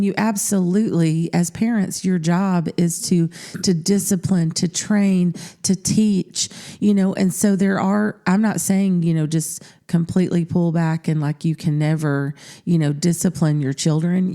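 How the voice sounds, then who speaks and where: A woman's voice: on the low side, dark tone. A middle-aged woman co-hosting a marriage podcast, talking in an earnest, reflective way with lots of "you know" fillers. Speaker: podcast co-host. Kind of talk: casual conversation.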